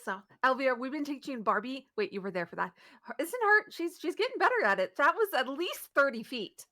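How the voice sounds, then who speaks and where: A woman's voice: high-pitched, very animated, fairly quick, sharp tone. A woman playing a tabletop role-playing game, chatting in character and out with many fillers and restarts. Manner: rambling, giggly, full of fillers. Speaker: player.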